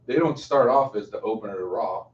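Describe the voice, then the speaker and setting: A man's voice: on the low side, a little fast. A man in casual wrestling chat on a podcast, rambling with lots of fillers. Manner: rambling, lots of "like" and "you know". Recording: roomy, distant, dull with faint noise.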